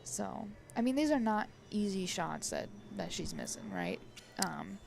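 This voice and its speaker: Gravelly woman commentating pool. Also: mid-range voice, wildly swooping pitch, a little slow, over music. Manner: chatty, tags lines with "right?". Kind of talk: live sports commentary.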